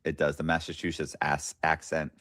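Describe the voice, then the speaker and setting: A man's voice: rumbling low, completely flat delivery, moderate pace, a bit bright, dry recording, studio quality. A man co-hosting a podcast, speaking casually and hesitantly with many fillers. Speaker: podcast co-host.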